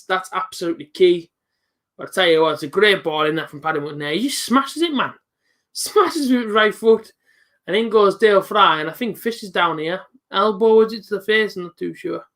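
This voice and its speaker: A young man hosting a live football reaction stream, chatting casually with viewers and breaking into excited shouts at big moments. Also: sits high, normal speed. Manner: chatty, jumps to excited shouting at goals, reads out viewer comments.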